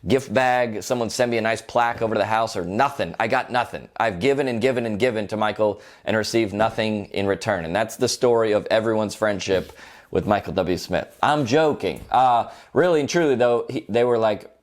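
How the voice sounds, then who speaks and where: A man doing roast-style stand-up comedy in a deadpan, mock-complaining, sarcastic way. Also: fairly low pitch, brisk.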